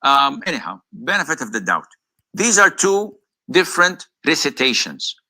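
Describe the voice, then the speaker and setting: A man giving a measured, explanatory answer to a viewer's question, pausing now and then. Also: fairly high pitch, sing-song, bright, forceful tone, low-quality recording. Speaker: Muslim preacher answering questions. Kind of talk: explanatory lecture.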